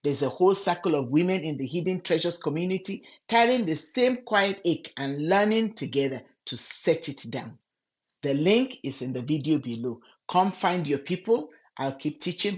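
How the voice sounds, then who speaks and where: Gentle earnest woman Bible teacher. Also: deep voice, animated, moderate pace, muffled recording. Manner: gentle, earnest, speaks directly to the listener as a friend. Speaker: Christian women's ministry teacher.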